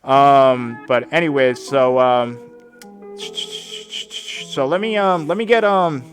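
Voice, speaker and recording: A man's voice: medium pitch, takes it slowly, faint music behind. A man hosting a livestream, ranting sarcastically with lots of swearing and filler words. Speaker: streamer host. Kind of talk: casual livestream rant.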